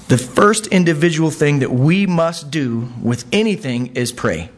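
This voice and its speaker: A man preaching a sermon in a conversational way, checking in with the congregation with frequent asides and climbing in pitch when he quotes scripture. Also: moderate pace. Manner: animated, pitch jumps when quoting. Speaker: pastor.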